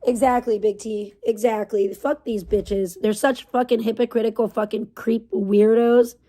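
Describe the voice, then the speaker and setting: A woman's voice: on the high side, steady tone, normal speed, mellow. A woman hosting a livestream, ranting heatedly with constant swearing and insults. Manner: profane, heated, venting. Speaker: livestream host. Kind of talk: angry livestream rant.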